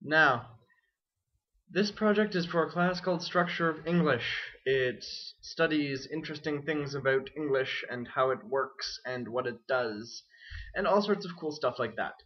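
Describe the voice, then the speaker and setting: A man's voice: fairly high pitch, unhurried. A young man and student, talking in a wry, self-deprecating and rambling way in a casual vlog. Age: young adult. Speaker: student vlogger. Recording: dull lo-fi webcam audio.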